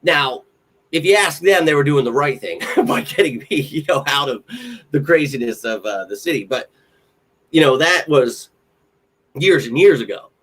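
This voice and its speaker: A man's voice: on the high side, moderate pace. Young guy from central PA on his live stream, rambles, gets hyped, cusses a lot. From central Pennsylvania. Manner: excitable, rambling, swears freely. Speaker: podcast host. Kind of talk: casual live-stream chat.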